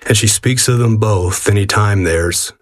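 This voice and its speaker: Low-voiced man reciting prairie verse. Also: no echo, studio quality. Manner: measured, rhythmic recitation. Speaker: cowboy poet.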